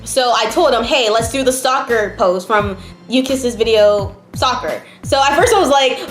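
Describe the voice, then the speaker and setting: Young female vlogger, slightly high voice, chatty and emotional, roomy echo with faint music behind. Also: normal speed. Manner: chatty, emotional, many fillers, near tears. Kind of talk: casual storytelling to camera. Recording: echoey room, faint background music.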